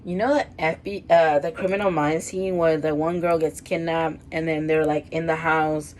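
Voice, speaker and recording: A woman's voice: deep voice, fairly even intonation, normal speed, darkish tone, a little hiss or hum, rough recording. A woman in her twenties casually reading her old writing, rambling and self-mocking with lots of fillers. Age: 20s. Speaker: vlogger.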